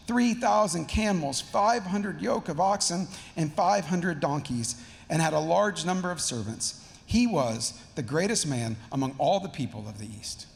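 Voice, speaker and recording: A male pastor with a high, gravelly voice, preaching in a relaxed and slangy manner. His words ring out with a long church reverb. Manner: casual, slangy, conversational. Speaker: teaching pastor. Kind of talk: sermon. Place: church sanctuary.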